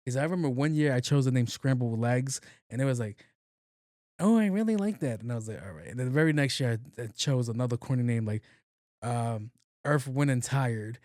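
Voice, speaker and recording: A man's voice: medium pitch, brisk, darkish tone, dry recording. A man hosting a podcast, telling a workplace story in a casual, profane, joking way and acting out the dialogue. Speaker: podcast host.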